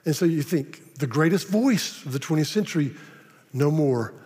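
A man preaching a sermon, often repeating words and slowing down dramatically on key phrases. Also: fairly high pitch, expressive, a little mellow. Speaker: pastor. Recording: long reverb of a large hall.

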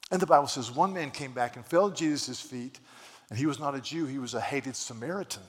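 A man's voice: mid-range voice, brisk. A man preaching a sermon, retelling scripture stories with many stammered restarts and quoted voices. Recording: long hall reverb.

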